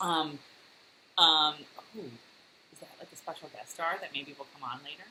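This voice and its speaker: A woman's voice: deep voice, moderate pace, bright, forceful tone, slight background noise, rough recording. A woman co-hosting a podcast over a video call, chatting casually with giggles and lots of fillers. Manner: giggly, rambling with many fillers. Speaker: podcast co-host. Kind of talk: casual chat.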